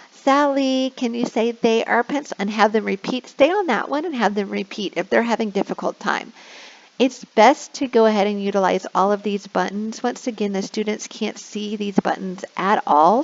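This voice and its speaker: A woman explaining classroom screens as an online English teacher, now and then slipping into a slow sing-song to model prompts for kids. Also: mid-range voice, a little mellow. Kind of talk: instructional screen walkthrough. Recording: dull lo-fi recording.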